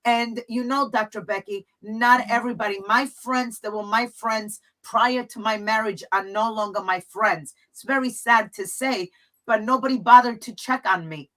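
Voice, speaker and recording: A woman's voice: fairly high pitch, moderate pace, fairly bright tone, poor audio. A woman hosting a talk show, speaking earnestly and from the heart as she shares her own story with her guest. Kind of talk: talk show conversation, personal testimony.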